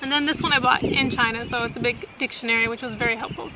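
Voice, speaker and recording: A woman's voice: fairly high pitch, fairly even intonation, fast. A woman in her thirties talking casually to her viewers outdoors, chatty with many fillers and easy laughs. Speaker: vlogger. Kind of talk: casual chat. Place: outdoors in cold wind. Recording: wind noise on the mic.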